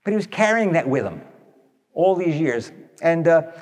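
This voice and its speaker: A man telling stories to an audience in a blunt, animated way, tossing in rhetorical questions. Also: fairly high pitch, moderate pace. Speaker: speaker addressing an audience. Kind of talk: storytelling talk to an audience. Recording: long echoey hall reverb.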